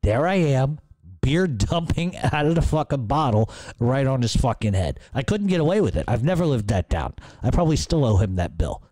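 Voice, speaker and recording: A man's voice: mid-range voice, big pitch swings, normal speed, dark tone, dry recording. A middle-aged man hosting a podcast, answering listener questions in casual, profane, rambling storytelling. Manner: profane, rambling, laughs at own stories.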